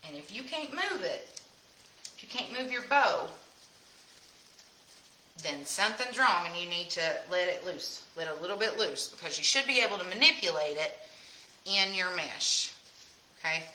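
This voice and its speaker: A woman from Tennessee with a Southern hill-country accent hosts a casual live craft demonstration, chatting folksily with viewers. Her lowish voice is expressive, pushed and bright, at normal speed with long pauses. The recording has a roomy echo and a little hiss or hum.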